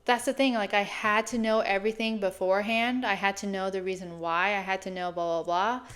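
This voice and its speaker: A woman in her late thirties, a fitness coach, talking casually and reflectively in a chatty, animated way. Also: medium pitch, fairly quick, clean tone. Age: 30s. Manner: chatty, animated, laughs often.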